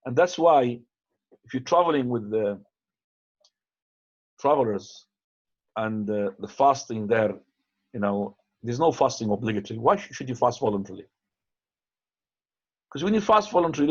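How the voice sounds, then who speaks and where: A man's voice: mid-range voice, moderate pace, pauses often, husky. A man teaching in a casual, conversational way, mixing in Arabic phrases and restarting his sentences. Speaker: teacher answering questions. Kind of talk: lecture with questions. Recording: dull, lo-fi upload.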